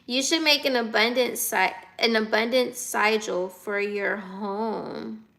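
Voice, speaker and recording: A young woman in her twenties streams live from her phone, chatting casually and unhurried as she reads out viewer comments. Her slightly high voice has bright, crisp edges with gravelly fry at the bottom. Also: steady tone. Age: 20s. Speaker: livestreamer. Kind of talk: casual livestream chat.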